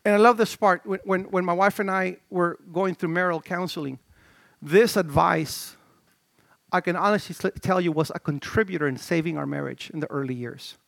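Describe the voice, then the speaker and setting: A middle-aged male pastor preaching a sermon in an animated, conversational way, with stammered restarts and swings from shouts to low murmurs. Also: normal speed, vocal fry, no echo.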